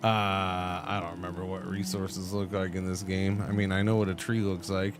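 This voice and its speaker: Low-voiced rambling male streamer. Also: flat delivery, normal speed, over music. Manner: rambling, repeats and stammers words; talks back to chat messages. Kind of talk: casual live game-stream chat.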